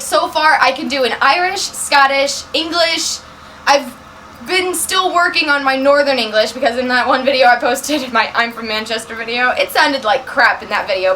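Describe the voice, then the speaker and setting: Young woman vlogger, high voice, put-on French accent, fast rambling self-conscious chat. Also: bright, forceful tone, slight background noise. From United States. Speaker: vlogger and actress. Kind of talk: unscripted casual chat to camera.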